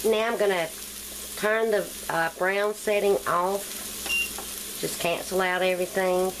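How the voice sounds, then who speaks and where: A woman's voice: mid-range voice, fairly even intonation, slow, background noise. A woman with a Southern country accent hosting a cooking show, chatting casually as she walks through each step. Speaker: cooking channel host.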